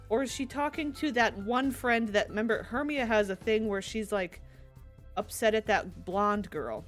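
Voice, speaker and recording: A woman's voice: fairly high pitch, lively intonation, moderate pace, faint music behind. Chatty, giggly woman streamer with a raised voice. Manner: chatty and giggly, reading aloud with playful asides. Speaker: streamer playing a life-sim game. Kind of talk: casual gameplay commentary with read-aloud captions.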